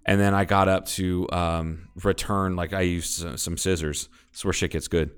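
In this laid-back podcast chat, an Ohio co-host tells a meandering story peppered with swearing, starting over again and again. He has a deep, clean voice, a flat delivery, and speaks at normal speed.

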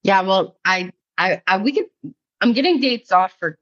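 A woman's voice: medium pitch, lively intonation, moderate pace, a bit bright. An American woman co-hosting a podcast in a casual, rambling chat, filling her speech with "like" and laughing easily. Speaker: podcast co-host. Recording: dull lo-fi sound.

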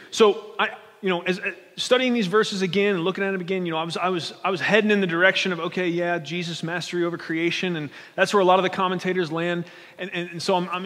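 A male pastor with a high voice delivers an animated, conversational sermon, stumbling over and restarting his phrases as he goes. His words ring out with the long reverb of a large hall.

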